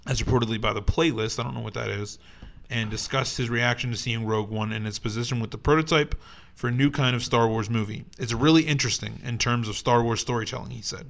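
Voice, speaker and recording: A man's voice: mid-range voice, fast, vocal fry, fairly bright tone. A young man co-hosting a podcast in casual chat, rambling with lots of fillers and restarts, and reading news aloud. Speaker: podcast co-host.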